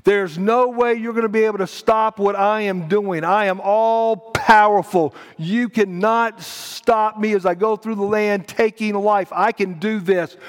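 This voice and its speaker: A man preaching a sermon, speaking as an all-powerful, stern God who cannot be stopped. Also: sits high. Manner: commanding, emphatic declarations. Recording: long church hall reverb.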